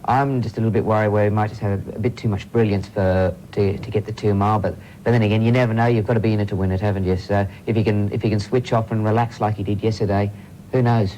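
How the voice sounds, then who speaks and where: Brief: Australian male jockey guest, fairly low voice, hesitant and modest. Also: fairly even intonation, mellow, a little hiss or hum, rough recording. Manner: halting, self-correcting, modest. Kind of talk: studio interview.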